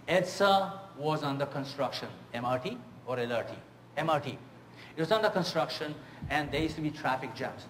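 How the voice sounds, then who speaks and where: A man giving a public speaking workshop, telling stories and often checking in with his audience in an animated way. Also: a little high, a little hiss or hum. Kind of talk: seminar talk with storytelling. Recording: echoey room with faint ambience.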